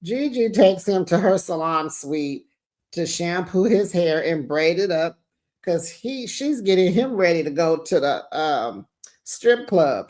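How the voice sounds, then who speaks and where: A woman's voice: fairly low pitch, darkish tone. A woman hosting a casual reality TV recap, sassy and slangy, talking straight to her viewers.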